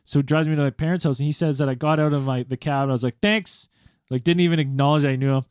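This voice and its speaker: Animated man telling a drunk story. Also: on the high side, fast, smooth, dry recording, studio quality. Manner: animated, acts out quoted voices, laughs often. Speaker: podcast host. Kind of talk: casual storytelling chat.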